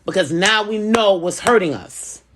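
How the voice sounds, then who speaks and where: A woman's voice: mid-range voice, unhurried, noisy background. A woman in a casual vlog, giving life advice in a conversational, preaching way and often repeating phrases. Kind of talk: casual personal talk.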